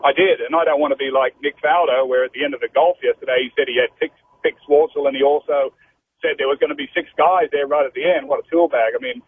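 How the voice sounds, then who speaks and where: An Australian pro golfer in his fifties, telling golf stories as a guest on a radio interview, animated and saying "mate" often. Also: a little high, fast talker. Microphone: telephone. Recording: phone line with faint noise.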